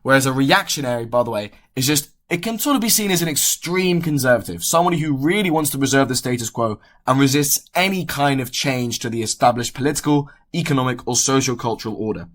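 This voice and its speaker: A young man talks through a history lesson for his podcast at an ordinary, mid-range pitch. He speaks casually and restarts sentences when he catches a mistake. It sounds like an unscripted explainer. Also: lively intonation, fast talker, hardly any pauses, a bit bright. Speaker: educational podcast host. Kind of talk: explainer talk.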